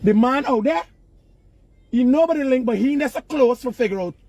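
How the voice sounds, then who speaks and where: A high-pitched man with a Guyanese accent lectures emphatically in casual street talk. His voice has a husky edge. He speaks outdoors, sliding into Creole phrasing as he pushes his point. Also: lively intonation, normal speed, darkish tone, no echo. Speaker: vlogger. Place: outdoors near work sites.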